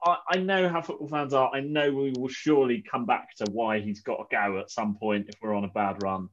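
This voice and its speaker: A man hosting a casual football podcast, upbeat and gently teasing his co-hosts. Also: medium pitch, steady tone, brisk, highs cut off. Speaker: podcast host.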